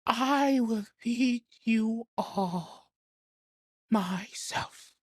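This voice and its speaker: Man playing a shrill, haughty frog queen. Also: very slow, dry recording, clean studio sound, heavily acted. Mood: threatening. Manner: commanding, menacing. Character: haughty female bullywug queen, frog creature.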